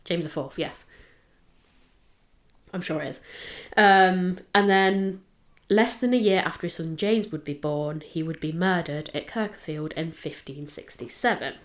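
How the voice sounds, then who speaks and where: A woman's voice: fairly low pitch, a little slow. A woman co-hosting a podcast, telling a history case in rambling casual chat. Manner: chatty, rambling, with fillers and self-checks. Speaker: podcast co-host presenting the case.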